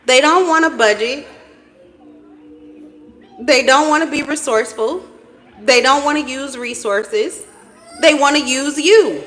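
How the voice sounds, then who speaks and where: A blunt, animated woman talks straight to camera as she reads tarot cards, swearing freely and jumping into sudden high exclamations. Her voice sits on the higher side. The sound carries a long reverb from the room around her. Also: measured pace, long pauses. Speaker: tarot reader. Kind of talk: casual spiritual reading to camera.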